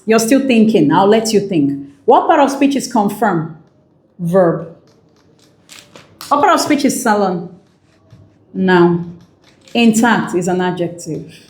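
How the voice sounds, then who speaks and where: A woman's voice: mid-range voice, animated, slow pace, long pauses, darkish tone, echoey room. A woman teaching English for an exam, enthusiastic and repeating key phrases while asking the viewer questions. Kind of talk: exam prep lesson.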